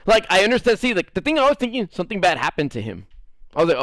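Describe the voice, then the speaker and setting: A young man streaming a game while telling a rambling, profane story in a casual, animated way. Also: high voice, fast, no echo, clean studio sound.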